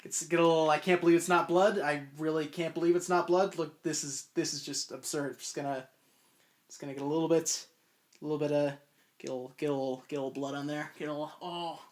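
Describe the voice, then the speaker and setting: A man's voice: a little high, steady tone, fast. Young man, twenties, comedic video essay host, rambling, self-deprecating asides. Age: 20s.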